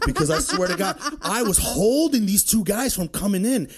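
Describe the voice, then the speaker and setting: A male comedian from Detroit telling a story as a podcast guest, profane and excitable, laughing as he talks. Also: high-pitched, normal speed, slightly rough. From Detroit, USA. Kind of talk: animated comic storytelling.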